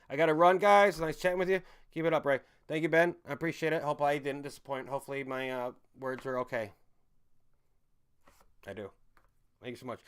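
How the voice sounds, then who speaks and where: A man's voice: on the high side, a little fast, clean tone. Swearing, ranting male live-streamer. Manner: angry, swearing, swings from shouting to muttering. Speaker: live-stream host reading chat. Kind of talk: profane live-stream rant.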